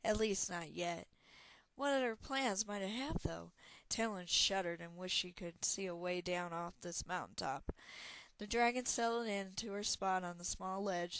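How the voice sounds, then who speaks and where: A woman's voice: medium pitch, a bit bright, dry recording. A woman narrating a fantasy novel chapter, reading aloud expressively. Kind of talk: audiobook reading.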